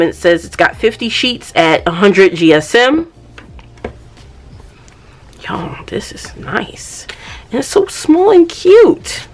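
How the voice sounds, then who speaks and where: Chatty woman unboxing planner goods. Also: deep voice. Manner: chatty, addresses viewers as y'all. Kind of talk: casual unboxing vlog.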